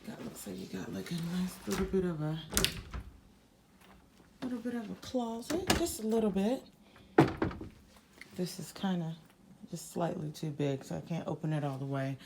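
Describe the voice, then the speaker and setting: A woman's voice: lowish voice, normal speed, vocal fry, pauses often, very noisy. A young woman giving a chatty, slangy hotel room tour in casual vlog style, with many fillers. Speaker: vlogger.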